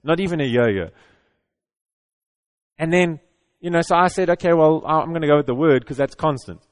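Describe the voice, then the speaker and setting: A middle-aged male pastor preaches in an earnest, conversational manner. His voice sits a little high for a man, and he often stumbles back over his words before pushing on. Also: moderate pace. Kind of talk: conversational sermon.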